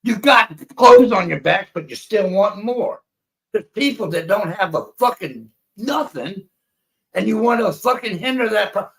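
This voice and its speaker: A man's voice: high-pitched, creaky, fairly bright tone, low-quality recording. A man, ranting angrily on a livestream and swearing constantly. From United States. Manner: profane and heated, swears constantly. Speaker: livestream panelist. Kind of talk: angry livestream rant.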